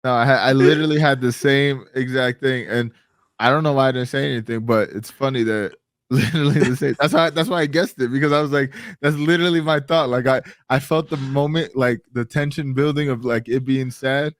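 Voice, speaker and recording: A man's voice: medium pitch, fairly even intonation, a little fast, no room sound, clean studio sound. A man co-hosting a reaction show, chatting in a laid-back, casual way. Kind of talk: casual chat.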